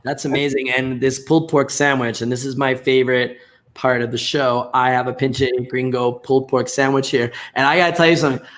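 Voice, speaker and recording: A man's voice: mid-range voice, flat delivery, brisk. A man from the United States hosting a casual talk show, joking and chatty, poking fun at himself. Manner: playful, self-mocking, chatty. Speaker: talk show host and barbecue restaurant owner.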